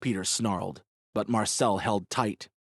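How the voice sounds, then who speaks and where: A man narrating an audiobook in a measured, dramatic storytelling manner. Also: lowish voice, steady tone, husky, dry recording, clean studio sound. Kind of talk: scripted narration.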